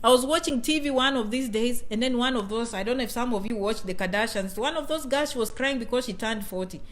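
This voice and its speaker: Chatty woman live-streaming, fairly high voice. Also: quick pace. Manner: chatty, repeats phrases, playful asides. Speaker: vlogger hosting a live chat. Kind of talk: casual live-stream chat with viewers.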